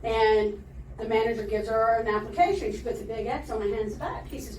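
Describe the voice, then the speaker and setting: Woman, stand-up comic, rambling jokes, laughs at her own punchlines, higher voice, echoey far-off recording. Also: quick pace, a little mellow, slight background noise. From Florida, USA. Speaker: stand-up comedian. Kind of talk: open mic stand-up joke telling. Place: comedy club stage. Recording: echoey room recorded from afar.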